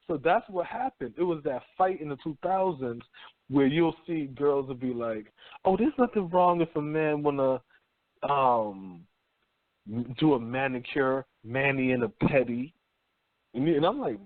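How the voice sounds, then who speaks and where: Over tinny phone-line audio that's otherwise dry, a man with a slightly high voice hosts a talk radio show at a moderate pace. He tells stories animatedly in a casual monologue full of profanity and slang, quoting people in put-on voices.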